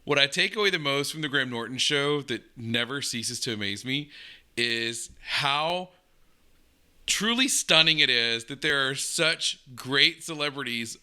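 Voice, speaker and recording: Casual American male reaction host, bright and clear, rambling delivery. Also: medium pitch, lively intonation, measured pace. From United States. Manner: chatty, rambling, with many fillers. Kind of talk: casual commentary.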